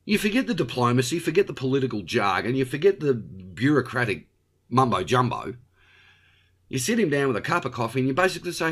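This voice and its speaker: Blunt Australian male host, opinionated monologue, very lively pitch. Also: quick pace. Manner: blunt and ranting, with frequent tag questions.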